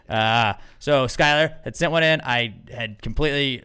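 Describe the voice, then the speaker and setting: A man's voice: mid-range voice, bright, forceful tone, smooth. A man co-hosting a casual podcast, joking and swearing as he riffs with his friends. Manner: joking, profane, quick to riff. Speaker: podcast co-host.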